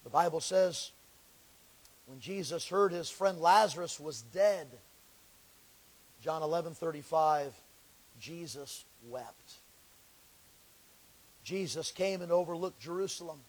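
A man preaching a sermon, reading scripture slowly and swinging between loud pleading and hushed lows. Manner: reads scripture in slow, drawn-out delivery.

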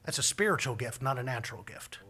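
Bright-voiced folksy preacher man. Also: medium pitch, lively intonation, quick pace, slightly rough. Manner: folksy, conversational preaching with Southern colloquialisms. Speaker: pastor. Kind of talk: sermon.

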